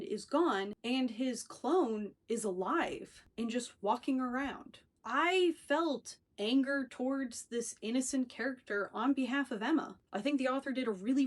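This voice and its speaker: A young woman with a slightly high voice gives a casual book review vlog. She talks in a loose, chatty, wry way, as if freestyling her thoughts.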